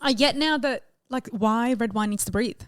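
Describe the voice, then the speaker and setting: A woman's voice: fairly high pitch, moderate pace, clear, resonant tone, no room sound, studio quality. A woman co-hosting a casual podcast chat, rambling and self-mocking, trailing off mid-sentence. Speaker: podcast co-host.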